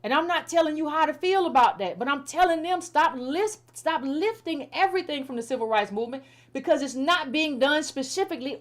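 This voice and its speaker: Blunt, high-voiced woman commentator. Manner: blunt, repetitive, exasperated criticism with informal speech. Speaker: political commentator. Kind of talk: casual commentary.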